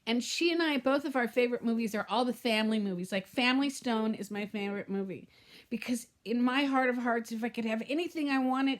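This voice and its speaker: A woman's voice: sits high, animated, normal speed, fairly bright tone. A middle-aged woman vlogging to camera in a heartfelt, rambling way that often trails off and restarts. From Southern California. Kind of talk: casual talk to camera.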